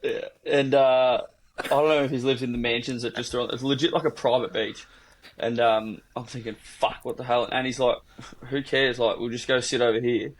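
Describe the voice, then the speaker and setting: A man's voice: mid-range voice, fairly even intonation, brisk. A young Australian man co-hosting a podcast, telling a rambling, sweary story in casual chat. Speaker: podcast co-host.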